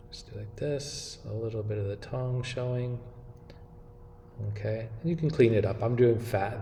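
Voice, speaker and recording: A man with a lowish, mellow voice talks through an animation tutorial step by step, often pausing to ask "okay?". His voice carries a roomy echo with a long tail, and a faint hum of room ambience sits behind it. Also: creaky. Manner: relaxed step-by-step explaining with frequent "okay?" checks. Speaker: animation instructor. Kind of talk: screen-recorded software tutorial.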